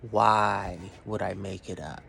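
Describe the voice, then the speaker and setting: A man's voice: sits low, steady tone, slow pace, vocal fry, fairly bright tone, slight background noise. A middle-aged man ranting to camera in a blunt, profane way that keeps drifting off topic. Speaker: vlogger. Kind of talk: rambling rant to camera.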